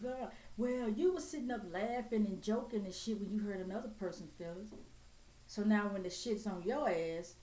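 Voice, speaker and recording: A woman with a mid-range, mellow voice rants bluntly and profanely to camera at normal speed, talking straight. She's in an echoey room with faint ambient noise.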